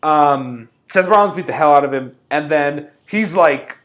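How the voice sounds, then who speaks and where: Guy with a pretty high voice ranting about a show segment, fed up, chatty. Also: unhurried. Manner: animated, exasperated ranting. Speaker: podcast co-host. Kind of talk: casual recap chat.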